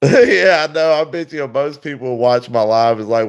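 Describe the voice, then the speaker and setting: A man's voice: medium pitch, expressive, normal speed, clean tone. A man hosting a livestream, telling stories in a rambling, over-the-top way with lots of laughing. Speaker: livestream host. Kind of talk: casual livestream chat.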